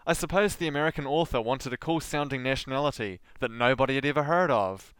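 Male podcast host, Southland Kiwi accent, smooth voice, dead-dry close mic, wry scripted read. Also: medium pitch, fast talker, fairly bright tone, dry recording. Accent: Southland New Zealand. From New Zealand.

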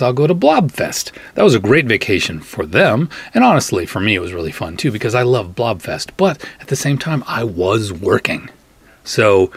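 Husky man telling a lively story. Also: lowish voice, no room sound. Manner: animated, acts out quoted voices. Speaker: podcast host. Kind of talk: comic anecdote, casual storytelling.

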